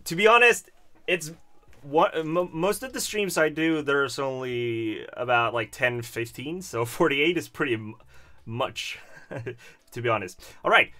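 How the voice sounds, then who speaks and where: A man's voice: a little high, sharp tone. A man from Stockholm with a Swedish accent, chatting casually as a streamer in a rambling, hesitant way with frequent chuckles. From Stockholm, Sweden. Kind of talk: casual livestream commentary.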